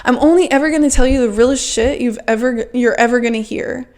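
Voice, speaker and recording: Young woman, high voice, fervent self-help monologue, filler-heavy, swears freely, podcast host. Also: fast talker, a little mellow. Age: 20s.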